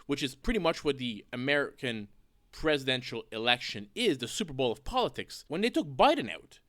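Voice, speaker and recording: A man hosting the show, giving measured political commentary in a lecturing way. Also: medium pitch, big pitch swings, a bit bright, dry recording, studio quality. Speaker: channel host.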